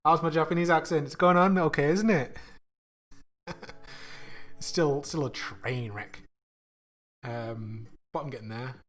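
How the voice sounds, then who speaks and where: Slow, halting man coding live. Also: a little high, fairly bright tone. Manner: slow, halting, self-mocking, laughs at himself. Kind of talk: casual thinking aloud while coding.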